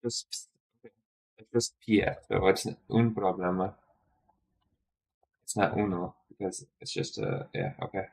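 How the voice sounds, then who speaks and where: A man's voice: low voice, big pitch swings, measured pace, vocal fry, long pauses, a little mellow, slightly rough. A man thinking aloud during a study stream, muttering and correcting himself as he works through a quiz, tired and yawning.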